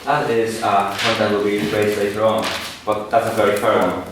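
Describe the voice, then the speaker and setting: A man's voice: fairly low pitch, little pitch movement, moderate pace, background noise. A man giving an earnest debate speech, often stopping to restart his words, in a large chamber. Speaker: debate speaker. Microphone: far room mic. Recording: echoey hall from far off.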